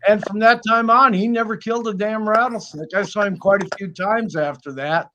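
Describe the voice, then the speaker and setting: A man's voice: sits high, a little fast, sharp tone, slight background noise. A man spins folksy, casual stories. He swears freely and throws himself into the voices of the people he quotes, the way you would at a kitchen table. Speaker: snake keeper on live stream. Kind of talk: casual storytelling chat.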